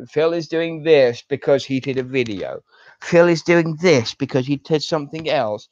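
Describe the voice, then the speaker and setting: A man delivering an angry, profane ranting monologue with drawn-out emphatic delivery. He sounds furious throughout. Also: fairly high pitch, darkish tone, no echo. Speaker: online show personality. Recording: dull lo-fi dry recording.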